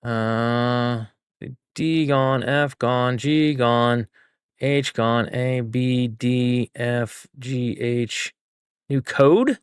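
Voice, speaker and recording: A man's voice: mid-range voice, little pitch movement, extremely slow, clear, resonant tone, no echo, studio quality. A man streaming a game, chatting with viewers and thinking aloud as he works through a puzzle. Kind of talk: casual live gameplay chat.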